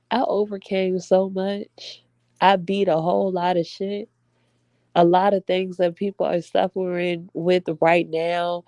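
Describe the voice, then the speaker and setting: A woman's voice: low voice, dark tone, dry recording, studio quality. A young woman venting to her viewers in a casual, emphatic heart-to-heart, addressing them as y'all. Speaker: vlogger.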